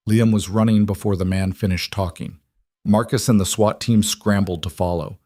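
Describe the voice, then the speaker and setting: A man narrating a scripted thriller story in an even, dramatic way. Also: fairly low pitch, measured pace, dry recording, studio quality.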